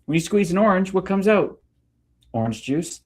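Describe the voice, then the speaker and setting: A man's voice: high-pitched, lively intonation, moderate pace, a little mellow. A man hosting a podcast, musing on ego and inner work in casual, spiritual terms, with swearing. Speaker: podcast host. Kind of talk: casual conversation.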